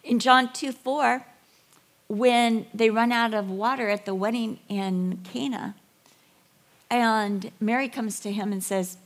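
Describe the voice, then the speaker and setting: Animated woman preaching with acted dialogue. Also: on the high side, slow pace. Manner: animated storytelling, acting out voices and whispers. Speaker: women's ministry speaker. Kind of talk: sermon with acted-out Bible dialogue.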